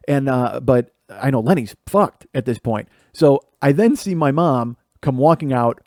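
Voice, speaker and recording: A man in his forties from Illinois, telling a profane, animated childhood story as a podcast host. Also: fairly high pitch, dry recording, studio quality. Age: 40s. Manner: animated, profane, acts out family voices. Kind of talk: storytelling monologue.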